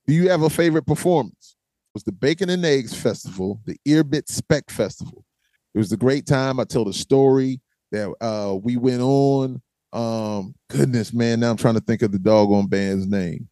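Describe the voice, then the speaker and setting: A man hosting a fan Q&A, telling lively stories about his band's tours in a casual way, often calling people "man" and acting out voices and chants. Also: medium pitch, moderate pace, no room sound. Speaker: host answering fan questions; former vocalist of a metal band. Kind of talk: casual storytelling Q&A.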